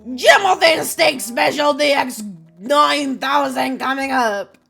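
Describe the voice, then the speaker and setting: A woman voicing a brash, boastful bartender and master chef who talks slowly and loudly, as if announcing. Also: medium pitch, little pitch movement, lightly acted. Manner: slow, loud, showy announcing.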